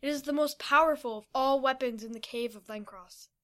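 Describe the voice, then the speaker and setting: A calm, tired mentor man, as a woman reads him, speaking in a slightly lowered, quiet voice. He sounds steady and instructive in a storybook reading. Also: a little fast.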